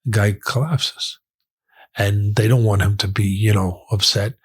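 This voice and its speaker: A man's voice: fairly low pitch, fairly even intonation, a little slow, slightly rough. A middle-aged man, a boxing trainer telling stories in an interview and repeating phrases for weight. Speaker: guest, boxing trainer and commentator. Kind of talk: storytelling in conversation.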